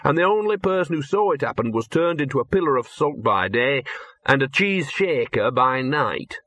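A man's voice: medium pitch, expressive, normal speed, a bit bright, no echo. A man voicing a scruffy, streetwise talking dog who grumbles and drawls in working-class dialect, read from an audiobook. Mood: wry.

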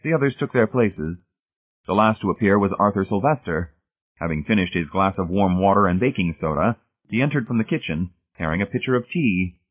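A man with a husky voice narrating a story, reading steadily and shifting voices for the characters. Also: low voice, animated, brisk. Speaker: audiobook narrator. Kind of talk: scripted narration. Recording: tinny phone-like audio.

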